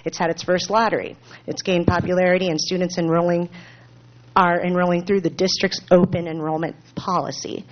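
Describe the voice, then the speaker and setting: A woman, a parent, giving public comment at a school board meeting, partly reading from notes in an earnest, slightly halting way with small asides. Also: on the low side, little pitch movement, a little hiss or hum. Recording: dull lo-fi meeting recording.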